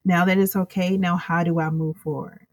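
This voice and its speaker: A woman's voice: on the low side, little pitch movement, moderate pace, no room sound. A woman guest in an interview, speaking earnestly and reflectively, rambling through her thoughts. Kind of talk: casual interview chat.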